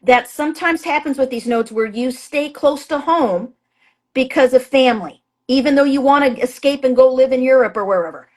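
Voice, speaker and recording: Chatty higher-voiced woman astrologer. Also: normal speed. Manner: chatty and emphatic, many fillers and restarts; acts out her own past thoughts in a raised voice. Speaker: astrologer and author, guest. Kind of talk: casual interview talk.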